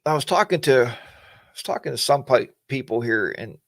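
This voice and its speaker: Male stream host, gravelly voice, dry close sound, rambling folksy chat with viewers. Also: medium pitch, animated, normal speed, dry recording. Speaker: host of a weekly livestream chat. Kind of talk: casual livestream chat.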